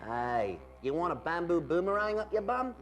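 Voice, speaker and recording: A man playing a pushy fake Australian bloke in a deliberately poor put-on accent, high and swooping. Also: very animated. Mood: indignant. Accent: put-on Australian, badly done.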